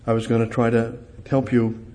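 A man preaching a sermon, speaking directly to God and repeating short phrases, swinging between loud emphatic lines and soft, hushed ones. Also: medium pitch, completely flat delivery, normal speed. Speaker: pastor.

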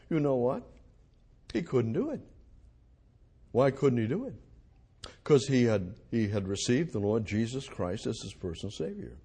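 A man preaching an expository sermon, reading scripture aloud and moving between hushed, slow phrases and loud emphatic lines. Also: mid-range voice, sing-song, breathy edge.

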